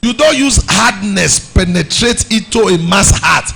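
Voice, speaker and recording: A man with a Nigerian accent preaching to a youth meeting, animated, slipping into pidgin and shouting or sing-song lines. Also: high-pitched, measured pace, gravelly, breathy edge, faint music behind.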